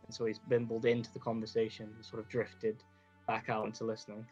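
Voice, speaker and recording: Flat-voiced man in a dull recording. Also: lowish voice, quick pace, faint music behind. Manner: meandering, hesitant. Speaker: player. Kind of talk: describing his character's actions.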